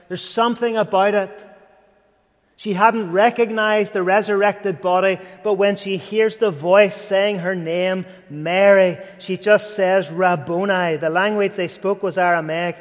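A man preaching an earnest sermon, rising to fervent and dropping to near whispers. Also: high voice. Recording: long hall reverb.

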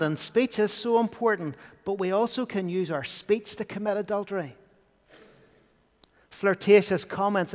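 A man preaching a sermon in an earnest way, sometimes dropping to a hushed voice for emphasis. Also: high voice. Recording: long hall reverb.

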